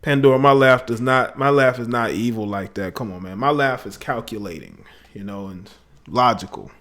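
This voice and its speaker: A laid-back man hosts a live call-in show, talking loosely and slangily. He chuckles often as he reads out his viewers' comments, in a voice of middling pitch. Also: moderate pace, a bit bright. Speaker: livestream talk show host. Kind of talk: casual livestream chat, reading out viewer comments.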